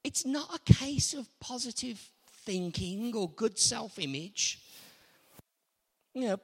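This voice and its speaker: Slow, animated preacher in a hall. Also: male voice, very high-pitched, breathy edge. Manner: animated, acts out quotes in voices. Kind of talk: sermon. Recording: long hall reverb.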